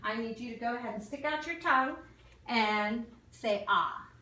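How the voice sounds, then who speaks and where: A woman calmly talking a patient through a cranial nerve exam, step by step, with small fillers. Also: on the high side, moderate pace, slight background noise. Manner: calm step-by-step instructions with fillers. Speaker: nursing student doing an exam demo. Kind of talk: instructional clinical demonstration. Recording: echoey room from far off.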